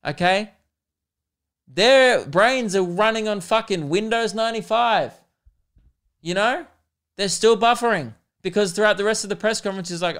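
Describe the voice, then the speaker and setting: Young Aussie male podcast host, casual profane rant, clear and bright in tone, self-mocking. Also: high-pitched. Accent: Australian.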